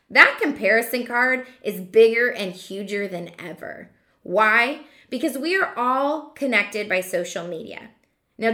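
A woman who is a hairdresser and business coach, giving a motivational monologue to fellow hairdressers with emphatic rhetorical questions and slowing down to stress key points. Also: a little high, fairly bright tone. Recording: echoey room.

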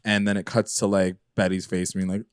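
A man's voice: low voice, little pitch movement, a little fast, smooth, no echo. A young man co-hosting a casual TV recap podcast, retelling scenes sarcastically and swearing casually. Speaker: podcast co-host.

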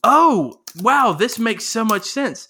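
Lively bright-voiced man, animated podcast chat. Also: very high voice, takes it slowly, husky. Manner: animated, laughs often, reads questions aloud. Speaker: podcast co-host. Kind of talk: casual chat.

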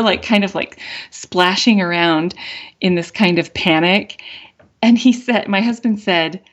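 A middle-aged woman hosting a podcast, telling a dream story in a soft, reflective way, with many "like" fillers and light laughs. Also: mid-range voice. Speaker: podcast host. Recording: dull lo-fi audio with faint guitar.

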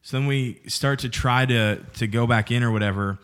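A man in his late twenties hosting a podcast, telling a story in animated casual chat and laughing as he goes. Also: mid-range voice, normal speed, clear, resonant tone. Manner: animated storyteller who laughs mid-sentence. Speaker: podcast host.

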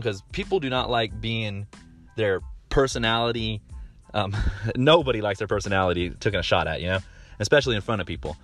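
A man's voice: lowish voice, a little fast, fairly bright tone, faint music behind. A man in his thirties hosting a casual monologue, rambling with lots of fillers and restarts, blunt and swearing freely. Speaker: podcast host.

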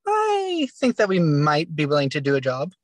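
A man's voice: fairly high pitch, huge pitch swings, normal speed, no room sound, rough recording. A man playing a tabletop game, asking polite, thoughtful questions. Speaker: player. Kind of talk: casual tabletop play.

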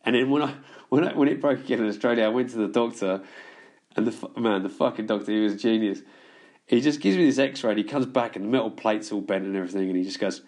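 A man's voice: lowish voice, fast talker, a little mellow. A man telling long stories in casual podcast chat, swearing freely and laughing as he goes. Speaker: podcast guest.

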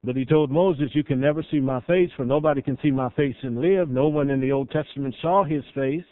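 A man's voice: mid-range voice, clear, resonant tone, no room sound. Man preaching a sermon, tinny phone-like sound. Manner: swells loud then drops soft, dramatic pauses. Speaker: pastor.

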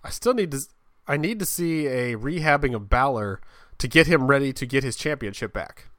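A man co-hosting a casual chat, talking in a relaxed way and often repeating words as he starts a sentence. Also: mid-range voice, normal speed, no echo, clean studio sound. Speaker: podcast co-host.

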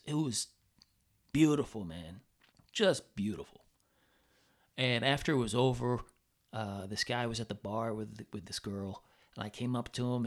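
A man hosting a podcast, telling a travel story casually, swearing often and acting out what others said in a raised voice. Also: mid-range voice. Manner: animated, swears, quotes people in raised voice. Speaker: podcast host.

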